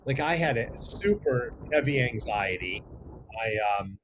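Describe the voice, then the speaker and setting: Brief: middle-aged male guest, mid-pitched, animated storyteller with frequent restarts. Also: a little slow, background noise. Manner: animated, rambling anecdotes with restarts. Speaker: guest, makeup effects artist. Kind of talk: casual storytelling interview. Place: studio or lounge.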